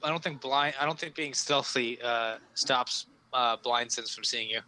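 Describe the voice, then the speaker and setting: A man leads a tabletop game as game master, with a very bright, forceful voice. He narrates casually, stopping often on fillers as he describes the scene. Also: mid-range voice, moderate pace, rough recording.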